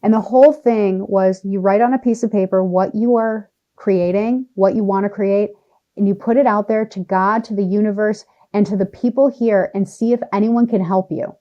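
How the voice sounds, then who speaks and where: A woman appearing as a podcast guest shares a personal story, animated and emphatic, slowing down or speeding up for effect. Her voice sits in the mid-range, and the recording sounds lo-fi.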